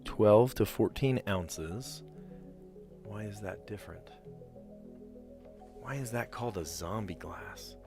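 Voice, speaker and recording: A man's voice: lowish voice, takes it slowly, pauses often, over music. A man chatting casually on a puzzle live stream, rambling and explaining where words come from. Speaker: streamer playing word puzzles.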